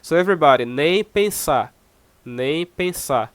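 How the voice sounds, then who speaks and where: A man's voice: a little high, animated, a crowd in the background. A Brazilian man, a native Portuguese speaker, teaching Portuguese phrases in English, patient and repetitive, checking understanding with "okay?". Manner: patient, repeats phrases often with "okay?" and slow drilled examples. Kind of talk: online language lesson.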